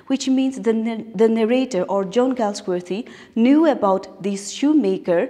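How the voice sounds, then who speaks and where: Indian English teacher in echoey hall. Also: female voice, on the high side, warm tone. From Nagaland, India. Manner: explains slowly, repeats phrases, asks rhetorical questions. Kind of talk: recorded classroom lesson. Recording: long hall-like reverb.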